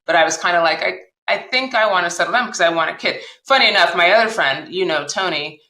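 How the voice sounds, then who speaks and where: A woman telling her personal story as a podcast guest, animated and acting out the dialogue she recalls. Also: fairly low pitch, quick pace, reverberant, poor audio. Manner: animated retelling, acts out quoted dialogue.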